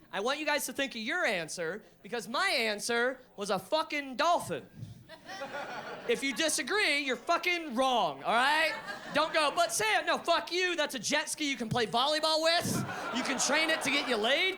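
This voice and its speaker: A high-pitched man doing stand-up on a live stage, his voice bright and cutting as he barrels through a profane story. He gets excitable and loud, jumping into shouted voices for the other people in the tale, talking into a handheld mic. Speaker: stand-up comedian. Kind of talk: stand-up comedy set. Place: live comedy venue with audience laughter.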